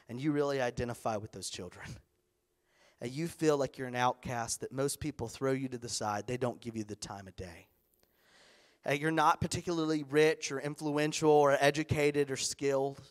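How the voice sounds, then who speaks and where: A man preaching a sermon as pastor in a church, animated, acting out the voices of others. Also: mid-range voice, normal speed.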